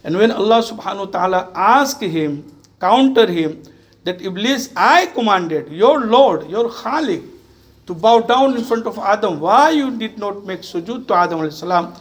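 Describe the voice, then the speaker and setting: A man's voice: sits high, lively intonation, normal speed. A man preaching an earnest sermon to his congregation. He exhorts his listeners and repeats phrases for emphasis. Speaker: imam.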